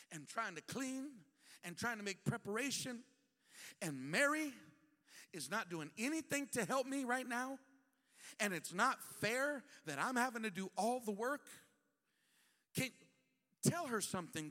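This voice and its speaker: Guy doing a high frazzled housewife voice, fed up, polite thru gritted teeth, echoey church. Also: big pitch swings, a little slow, long pauses, sharp tone, full character voice. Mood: exasperated. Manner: exasperated, complaining, polite through gritted teeth. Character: frazzled overworked woman hostess.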